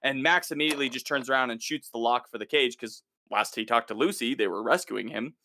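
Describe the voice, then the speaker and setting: Male co-host, bright forceful voice, lively play-by-play recap, drops into quick impressions. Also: mid-range voice, a little hiss or hum. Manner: animated retelling, acts out the characters' lines. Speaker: podcast co-host. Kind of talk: casual recap chat.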